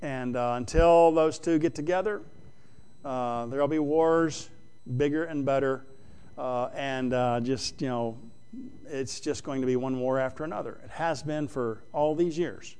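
A man preaching a sermon, reading scripture aloud with plain-spoken comments and frequent pauses and fillers. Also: mid-range voice, darkish tone, clean tone. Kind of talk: sermon, Bible exposition.

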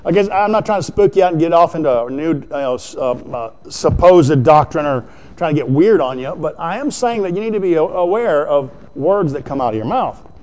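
A man preaching from the pulpit with a somewhat raised pitch. He keeps it conversational, asking the congregation questions as he goes. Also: lively intonation, a little fast, a little mellow. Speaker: pastor. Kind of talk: sermon.

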